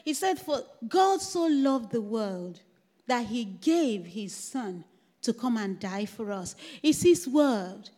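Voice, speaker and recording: A woman's voice: on the high side, darkish tone. An older woman giving a church testimony, telling a story and laughing often. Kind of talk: testimony sermon. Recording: echoey church hall.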